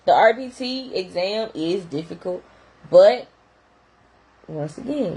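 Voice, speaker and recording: A woman's voice: medium pitch, lively intonation, slow pace, pauses often, darkish tone, a little hiss or hum, rough recording. A young adult woman who works in behavior therapy, talking casually and animatedly straight to her viewers. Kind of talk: casual talk to camera.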